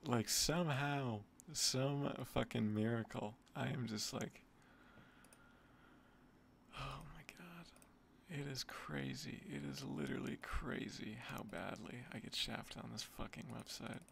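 Exasperated male gambling streamer, gravelly low voice, cursing, slight noise behind. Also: steady tone, a little slow, few pauses, fairly bright tone. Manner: swearing, exasperated, muttering. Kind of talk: casual gambling commentary.

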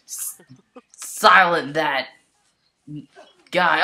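A woman giving excitable mock play-by-play commentary on a toy wrestling match, exclaiming constantly and calling out to the folks. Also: sits low, slow.

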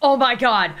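High, lively, jumpy woman gamer. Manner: jumpy, shrieks and laughs nervously; repeats panicked exclamations. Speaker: gaming YouTuber. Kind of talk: horror game let's-play commentary.

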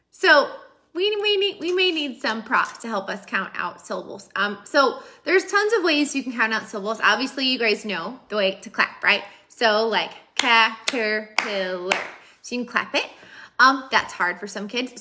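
A woman's voice: fairly high pitch, bright, forceful tone. A woman hosting a casual teaching video for preschool teachers, chatty and upbeat with many fillers.

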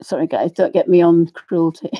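A middle-aged woman with a fairly low, slightly slow voice hosts a craft tutorial, demonstrating colouring while she chats and rambles. She often apologises for her tangents and drifts into ranting asides. The audio sounds dull.

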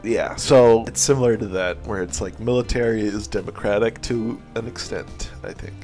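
A man's voice: fairly low pitch, steady tone, normal speed, a little mellow, faint music behind. A man giving casual, rambling commentary on a strategy game he is playing, swearing and laughing often. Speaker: video game streamer. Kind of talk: casual let's-play commentary.

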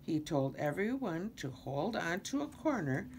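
Slow, lively grandmother reading aloud. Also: fairly low pitch, slight background noise. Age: older. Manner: slow, expressive reading with many character voices. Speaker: storybook reader. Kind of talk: reading a children's storybook aloud.

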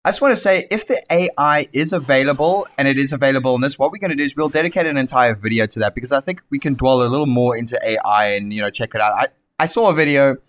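A young man with a South African accent talks through his gameplay in a casual, excitable way. He swears freely and slips into heated rants, in a voice of ordinary middle pitch for a man. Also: fast talker, hardly any pauses. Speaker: gaming YouTuber.

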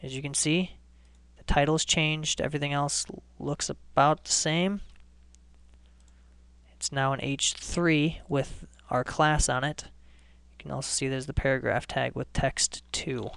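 A man hosting a screencast programming lesson, explaining each step in a relaxed way and often restarting his sentences. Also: on the high side, measured pace, vocal fry, clear, resonant tone, no room sound. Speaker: coding tutorial host.

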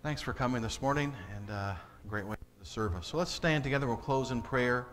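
A man's voice: medium pitch, brisk, fairly bright tone. A man, the pastor, giving casual closing announcements with frequent fillers.

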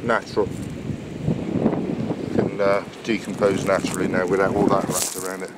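A man's voice: low-pitched, completely flat delivery, moderate pace. A man walking his dog along the coast, vlogging casually to his camera, talking to the dog and out of breath as he climbs. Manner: plain-spoken, talks to his dog. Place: outdoors on a windy coast. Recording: wind noise on the mic outdoors.

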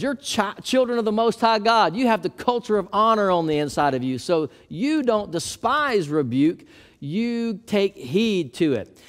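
A man preaching a sermon as pastor, building emphasis as he quotes and explains scripture. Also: high-pitched.

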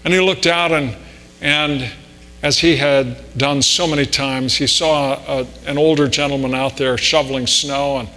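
Halting male pastor in a reverberant church. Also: medium pitch, fairly even intonation, pushed and bright. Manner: halting, repeats and restarts words. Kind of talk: sermon storytelling and prayer. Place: church sanctuary.

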